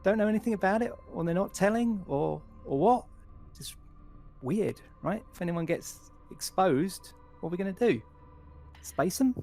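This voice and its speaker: A man's voice: high voice, expressive, normal speed, a little mellow, pitched above the performer's own voice. A man playing a chatty, sociable crewman. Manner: upbeat and sociable. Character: chatty friendly male crew member.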